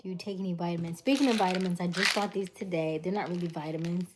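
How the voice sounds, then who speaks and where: A woman's voice: on the low side, fast, noisy background. A middle-aged woman hosting a casual livestream chat, telling stories and acting out conversations as she reads the chat. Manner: animated storyteller, acts out dialogues, reads chat aloud. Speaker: livestream host.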